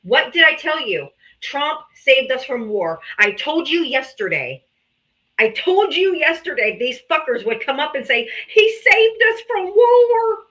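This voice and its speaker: Combative, bright-voiced woman stream host. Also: sits high, big pitch swings, a little slow, poor audio. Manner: combative, profane, sarcastic. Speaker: live-stream debate host. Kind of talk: heated political debate on a live stream.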